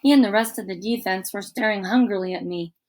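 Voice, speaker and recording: A woman narrating a children's book aloud in an expressive, lively storytelling manner. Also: mid-range voice, quick pace. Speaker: audiobook narrator.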